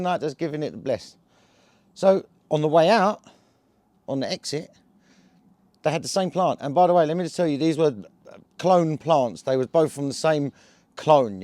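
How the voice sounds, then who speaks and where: A man's voice: medium pitch, a little mellow, no echo. A man talking casually to camera in a rambling vlog. His speech is slangy and loose, full of fillers and "yeah?" checks. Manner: slangy, chatty, full of fillers and tag questions. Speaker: cannabis vlogger.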